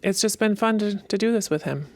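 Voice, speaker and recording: A woman assistant coach talking warmly and loosely about her head coach, with plenty of fillers. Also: mid-range voice, brisk, no echo. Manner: heartfelt, rambling with fillers. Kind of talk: casual chat.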